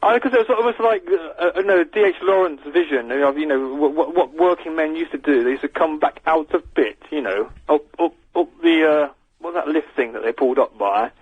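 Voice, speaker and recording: A man's voice: fairly high pitch, brisk, husky, no room sound. A man hosting a radio show, chatting in a rambling, jokey way, heard over a tinny, phone-like line. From English countryside. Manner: rambling, jokey, self-mocking storyteller. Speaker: radio host. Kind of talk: casual radio banter.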